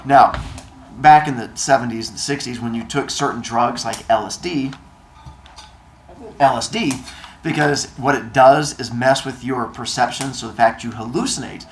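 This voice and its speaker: A man of middle pitch reads a novel chapter aloud and breaks off now and then to explain things casually. The room sounds roomy, and a faint noise runs underneath. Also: normal speed. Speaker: reader and host.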